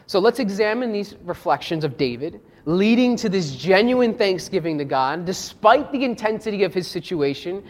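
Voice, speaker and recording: Expressive preacher with swinging delivery. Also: normal speed, hardly any pauses. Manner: expressive, swings between soft low asides and raised emphatic lines; reflective, asks rhetorical questions. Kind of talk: sermon with scripture reading.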